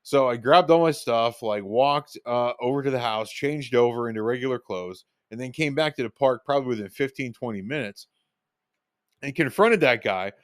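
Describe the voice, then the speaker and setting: A man tells his own stories in a loose, rambling way, full of fillers and little restarts, and he slips into quoting himself as he goes. His voice sits at an ordinary middle pitch for a man. It is recorded close up, with almost no room sound. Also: moderate pace, dry recording. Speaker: podcast host telling stories. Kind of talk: casual storytelling monologue.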